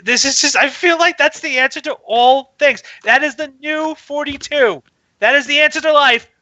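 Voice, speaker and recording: A man co-hosting a casual wrestling chat, excitable and gushing, his voice jumping into loud squeals when he gets worked up. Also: extremely high pitch, moderate pace, dry recording, highs cut off. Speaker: podcast co-host.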